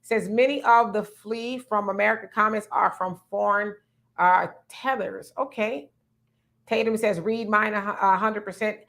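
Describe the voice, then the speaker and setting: A woman hosting a casual livestream greets viewers by name, reading their comments aloud and answering them conversationally. Her medium-pitched voice has vocal fry and a bit of brightness, at normal speed.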